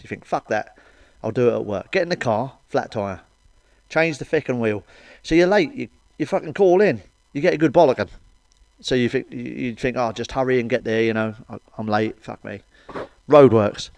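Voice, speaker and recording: A man's voice: medium pitch, brisk, creaky, a little mellow, no echo. A man doing a blunt, foul-mouthed stand-up monologue of grumbling rants. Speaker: stand-up comedian.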